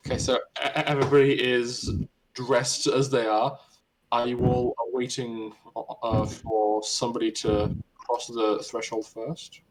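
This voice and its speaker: A man's voice: medium pitch, little pitch movement, over music, low-quality recording. A man narrating a tabletop game as game master, often stumbling and restarting his words. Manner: halting, stammering restarts.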